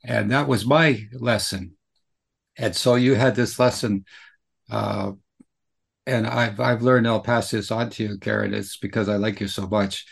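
A man's voice: lowish voice, steady tone, unhurried, gravelly, slightly rough. A man hosting an interview who affirms his guest and shares a story of his own. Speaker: host. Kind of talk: conversational interview.

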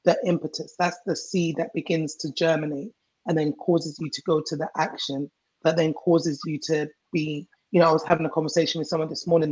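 Husky woman coach talking slow and steady, muffled lo-fi sound. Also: low voice. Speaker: emotional healing coach. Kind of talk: guest advice on a talk show.

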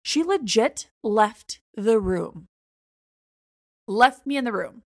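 Young woman with a gravelly voice. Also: a little high, takes it slowly, no echo, clean studio sound. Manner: animated retelling, acts out both sides of quoted dialogue. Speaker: podcast co-host. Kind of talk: casual storytelling chat.

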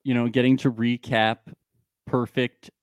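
A man's voice: mid-range voice, flat delivery, a little slow, clear, resonant tone, dry recording, clean studio sound. A man co-hosting a podcast, recapping a reality show in casual chat and often joking. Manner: chatty, joking and laughs often. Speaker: podcast co-host.

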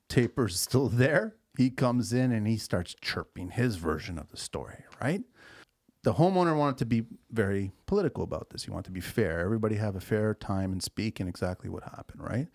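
A man co-hosting a podcast, telling a job-site story in casual chat, animated and quick to laugh. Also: on the low side, vocal fry. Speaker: podcast co-host.

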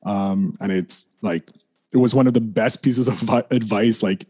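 Low, mellow-voiced man telling a personal story. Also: moderate pace, husky. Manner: rambling, heavy use of "like", frequent restarts, swears and apologizes. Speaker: podcast guest.

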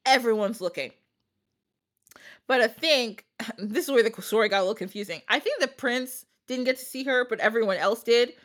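A woman's voice: a little high, moderate pace. Chatty woman retelling a folktale. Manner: chatty, jokey asides, laughs often. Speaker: podcast storyteller.

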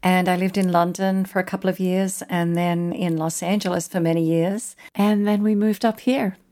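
Australian woman host, low voice. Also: level tone, moderate pace, mellow. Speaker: podcast host. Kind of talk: interview and scripted outro.

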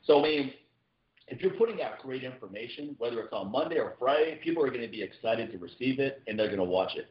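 A man talking fast in a loose podcast chat, words tumbling out and restarting. The room sounds hollow and echoey, and the audio is a bit muffled. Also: medium pitch. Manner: fast, animated, repeats words when starting sentences. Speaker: podcast co-host.

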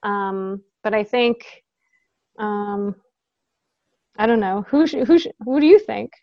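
A woman's voice: mid-range voice, slow, no echo, muffled recording. A woman guest talking casually in an interview, chatty, with frequent laughs and fillers, over a video call.

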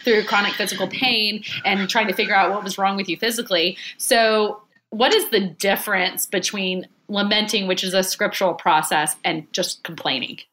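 A woman's voice: mid-range voice, steady tone, normal speed, pushed and bright, slight background noise. A woman host interviewing an author, chatty with many ums. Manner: chatty, many fillers, laughs. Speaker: podcast host. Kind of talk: interview questions.

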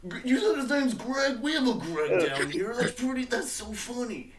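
A man's voice: very high voice, lively intonation, moderate pace, over a noisy crowd, voice pushed up. Deferential demon servant in a tin can hat, chatty and courteous, voiced by a male game master. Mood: amused.

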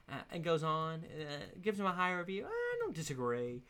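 A man hosting a casual solo podcast, rambling and laughing his way through his points. His pitch swoops up and down in a lively way. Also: moderate pace, hardly any pauses, clear, resonant tone. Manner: giggly, animated, rambling with fillers and laughs. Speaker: podcast host.

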